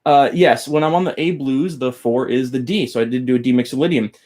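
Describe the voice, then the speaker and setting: Speaking fairly quickly in a mid-range, slightly mellow voice, a man gives a rambling guitar lesson on a casual live stream. He keeps losing his thread and calls out chat viewers by name mid-lesson.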